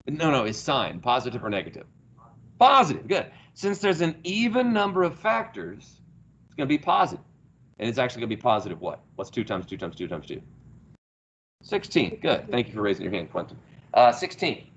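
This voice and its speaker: A man's voice: medium pitch, big pitch swings, a little fast, a bit bright, poor audio. A male math teacher, lecturing a class, asking questions and praising the answers. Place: classroom, heard through a small speaker.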